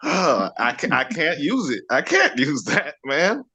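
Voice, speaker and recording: A man's voice: on the high side, huge pitch swings, measured pace, sharp tone, breathy edge. Joking middle-aged man, emphatic. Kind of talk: casual podcast chat.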